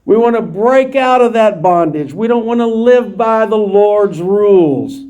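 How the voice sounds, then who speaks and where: Male Bible teacher with a high voice, explaining scripture to a class. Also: lively intonation, a little slow, hardly any pauses, mellow. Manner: explains verses plainly, restating them in his own words. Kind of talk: verse-by-verse Bible study lecture.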